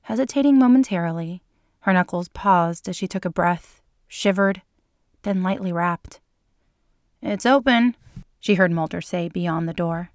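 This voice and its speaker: Lower-voiced woman reading a story. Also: level tone, a little slow, dry recording, clean studio sound. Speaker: fan fiction reader. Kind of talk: scripted story narration.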